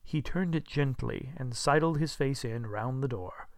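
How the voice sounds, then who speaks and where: Gravelly male storyteller, dry close sound. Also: mid-range voice, unhurried, no echo. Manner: expressive storytelling. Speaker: audiobook narrator. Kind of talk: scripted narration.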